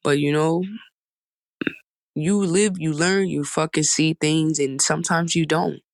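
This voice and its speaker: A woman's voice: sits low, steady tone, unhurried, dry recording. Earnest rambling woman in her twenties. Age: 20s. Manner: heartfelt, rambling, emphatic repetition. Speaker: podcast host. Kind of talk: casual storytime monologue.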